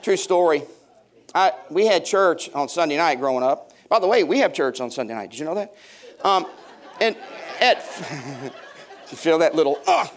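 A pastor in his fifties preaches to his congregation in church, his slightly high voice expressive and at normal speed, with a faint crowd audible. He's humorous, telling funny stories and bantering with people in the pews.

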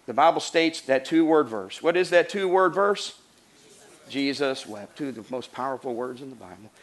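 A man preaching a sermon as pastor, earnest, rising to emphatic lines and dropping to soft hushed passages. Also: mid-range voice, animated, normal speed.

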